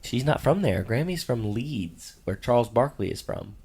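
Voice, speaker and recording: A man's voice: mid-range voice, animated, moderate pace, a crowd in the background. A middle-aged man co-hosting a casual sports-picks podcast, teasing and playfully bossy as a father.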